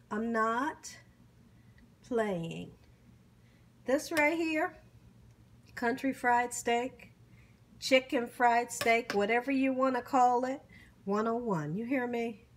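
A middle-aged woman filming a casual food-tasting vlog, savoring each bite with hums, whoops and grateful exclamations. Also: on the high side. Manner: warm churchy exclamations and blessings. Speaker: cooking vlogger.

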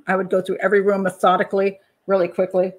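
A woman hosting a true-crime channel, analysing a case in a casual, animated way, pausing to check her notes and acting out people's reactions. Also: mid-range voice. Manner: animated, talks to herself while checking notes, acts out panicked parents. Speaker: criminal profiler and channel host.

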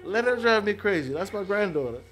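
A man's voice: sits high, expressive, fairly quick. An older man in a casual home vlog, talking in a rambling way with lots of "you know" fillers. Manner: rambling, with frequent fillers and tags. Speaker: vlogger.

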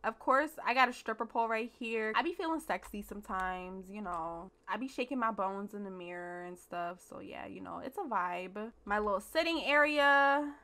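Bright-voiced young woman, chatty and slangy. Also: mid-range voice, expressive, normal speed, few pauses. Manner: chatty, slangy and playful, with little laughs. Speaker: gaming YouTuber. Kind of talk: casual let's play commentary.

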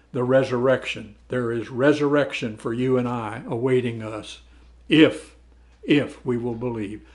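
A man with a medium, slightly mellow voice teaches a Bible study lesson. He reads each verse aloud, then talks it through in a conversational manner, often repeating words.

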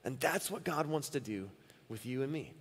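A man's voice: medium pitch, lively intonation, normal speed, breathy edge. Earnest male pastor in a reverberant church. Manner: earnest, repeats phrases for emphasis. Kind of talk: sermon. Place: church service. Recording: long reverb of a church hall.

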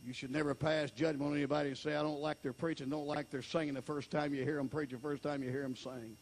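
A man preaching an emotional revival sermon, repeating phrases and swinging from hushed storytelling to high shouts. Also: flat delivery, fast talker. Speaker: evangelist preacher.

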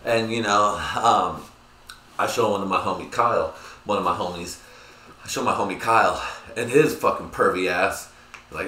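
Crude, rambling man with a bright voice. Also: on the low side, normal speed. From United States. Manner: crude, rambling, excitable, lots of filler. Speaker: podcast host. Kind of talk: casual solo podcast rant. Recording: echoey room.

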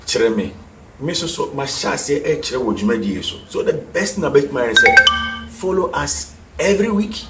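A man's voice: fairly high pitch, animated, normal speed, far from the mic. A man with a Ghanaian accent teaching a piano lesson for TV, repeating terms and quizzing the viewer. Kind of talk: TV music lesson, mixing English and Twi. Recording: echoey room, voice from off the mic. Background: piano notes.

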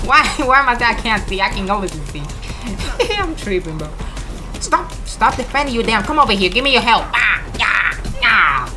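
A woman hosting a gaming channel, giving excitable, slangy, trash-talking let's play commentary and taunting enemies. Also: medium pitch, moderate pace. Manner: slangy, swears often. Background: game music.

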